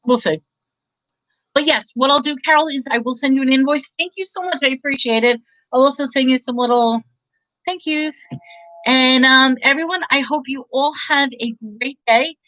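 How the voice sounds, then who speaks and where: A woman's voice: high voice, moderate pace, a bit bright, no room sound, rough recording. Chatty woman with a Long Island accent. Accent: New York, Long Island. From New York. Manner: chatty, upbeat, rambling, laughs often. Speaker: online reseller hosting a live stream. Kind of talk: casual live-stream chat. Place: home in Texas.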